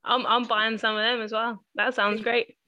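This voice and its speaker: A woman's voice: fairly high pitch, little pitch movement, normal speed, bright, forceful tone, lo-fi sound. A woman hosting a podcast, chatting casually in an enthusiastic, teasing way. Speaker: podcast host. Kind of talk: casual chat.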